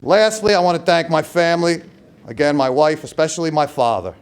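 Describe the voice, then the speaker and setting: A middle-aged man giving a hall of fame acceptance speech, telling stories and acting out what his old coach shouted. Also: on the high side, a little fast, clear, resonant tone. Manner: storytelling, acts out quoted coach with loud outbursts. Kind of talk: speech at a podium.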